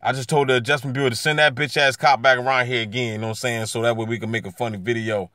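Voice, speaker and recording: Male street vlogger, handheld camera, slangy jeering commentary, mid-pitched, close and dry sound. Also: fairly even intonation, racing, no echo. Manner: taunting, slangy, swings from mutters to loud jeers. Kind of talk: casual running commentary to camera. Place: outdoors by a street.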